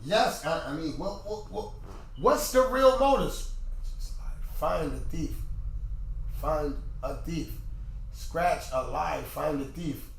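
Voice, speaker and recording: A high-pitched man hosts a podcast, speaking casually and often repeating himself, then rising to shouts. He sounds far from the mic in a strongly echoing room. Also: takes it slowly, vocal fry, long pauses, slight background noise. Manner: animated, repetitive, rising to shouts when worked up. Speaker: podcast host. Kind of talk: casual opinion talk to viewers.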